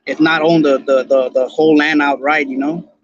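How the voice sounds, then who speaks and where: Speaking Chicano English, this LA podcast host keeps his live-stream chat relaxed and slang-filled, often restarting and repeating words. His fairly high voice has fairly even intonation and a moderate pace, while the audio has its highs cut off and background noise.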